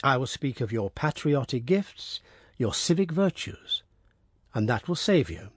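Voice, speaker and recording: A man voicing a scheming revolutionary prosecutor in a storybook reading, speaking in a measured, formal, oratorical way. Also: medium pitch, big pitch swings, breathy edge, no echo, studio quality. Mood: solemn.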